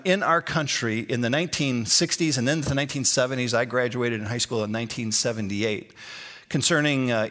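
A man's voice: mid-range voice, fairly bright tone. A pastor in his sixties preaching a sermon, emphatic, repeating key phrases with a rising inflection. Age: 60s.

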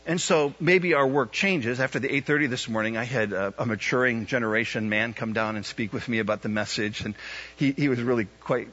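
A man in his fifties, a pastor, preaching a sermon at a church service, swelling into loud emphatic peaks and putting questions to the congregation. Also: medium pitch, a little fast. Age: 50s. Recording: dull lo-fi sound.

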